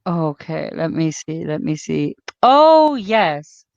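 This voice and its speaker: A woman's voice: low-pitched, sing-song, slow pace, vocal fry, a little mellow, no room sound. A woman in casual podcast chat, her voice rising and dipping through a comic story. She swears freely and mimics the people she talks about. The audio is dry and slightly dull. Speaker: podcast co-host.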